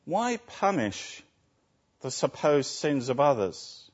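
Slow, measured male preacher. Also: on the high side, very animated. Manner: asks rhetorical tag questions. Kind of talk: sermon. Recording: dull lo-fi recording.

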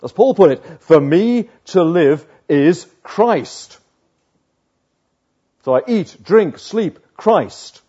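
Slow, emphatic male preacher. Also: high-pitched, animated, dark tone, husky, dull audio. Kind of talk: sermon.

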